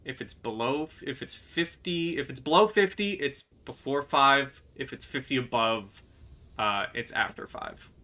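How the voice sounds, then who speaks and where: A man's voice: medium pitch, unhurried, sharp tone. A man running a tabletop role-playing game as game master, talking with hesitant fillers and restarts. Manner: hesitant, many ums and restarts.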